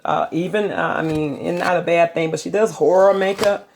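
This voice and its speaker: Gravelly middle-aged woman chatting. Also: fairly low pitch, moderate pace, darkish tone, a little hiss or hum. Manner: chatty, rambling storyteller. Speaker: vlogger. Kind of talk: casual chat. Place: home kitchen.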